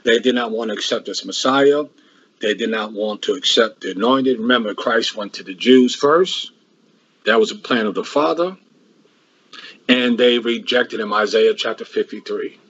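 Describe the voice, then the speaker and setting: Husky man preaching a Bible lesson. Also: on the low side, moderate pace, a bit bright, muffled recording. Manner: repetitive, restarts often, rhetorical questions. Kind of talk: Bible class sermon.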